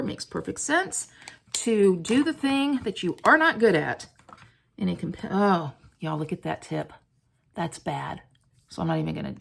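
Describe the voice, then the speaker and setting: A woman's voice: on the low side, vocal fry, a little hiss or hum. A woman hosting a casual stamping tutorial, chatting to viewers in a self-deprecating way while she colors. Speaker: crafting video host.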